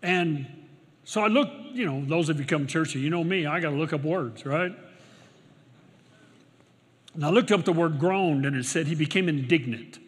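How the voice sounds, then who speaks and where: An older man preaching a sermon in a church, swinging between loud declarations and hushed, murmured asides. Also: on the high side, moderate pace, pauses often, breathy edge. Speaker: pastor. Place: church sanctuary. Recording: long hall reverb in a church.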